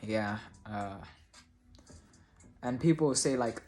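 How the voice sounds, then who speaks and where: A man's voice: medium pitch, slow pace, a little mellow, faint music behind. Guy rambling through a personal story on his channel, lots of ums and restarts, swears now and then. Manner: hesitant, many restarts and fillers, casual swearing. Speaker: vlogger.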